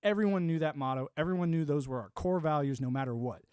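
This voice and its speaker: Man, fairly high voice, dry close sound, blunt and profane, rambling talk. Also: quick pace, darkish tone, clean tone, no echo. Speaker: livestream host, military veteran. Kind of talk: casual monologue.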